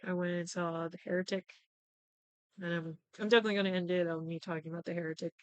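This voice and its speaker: A woman's voice: lowish voice, smooth, dry recording. A young woman hosting a podcast, chatting casually and animatedly, swearing freely and acting out the characters' lines as she recaps. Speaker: podcast host. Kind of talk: casual chat recapping shows.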